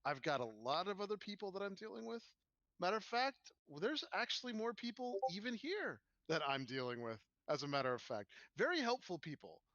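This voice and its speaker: A man voicing a smug, menacing male villain who mocks and threatens in a slow, contemptuous way, on a dull lo-fi recording. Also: high voice, big pitch swings, sharp tone, no echo, pitched above the performer's own voice, heavily acted.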